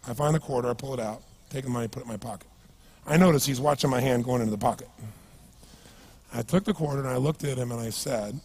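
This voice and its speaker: A man giving a motivational seminar talk to a live audience, energetic and emphatic, telling stories and asking the crowd rhetorical questions. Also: mid-range voice, fast, slightly rough. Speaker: motivational speaker.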